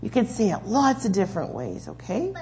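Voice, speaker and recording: A woman's voice: mid-range voice, very animated, a little fast, a little mellow. A woman leading a children's sermon in a church, patiently explaining and giving step-by-step instructions. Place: church sanctuary.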